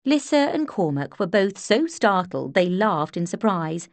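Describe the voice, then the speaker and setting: With a mid-range voice, a woman reads an audiobook script in an evenly paced, measured storytelling style, captured in a dry recording.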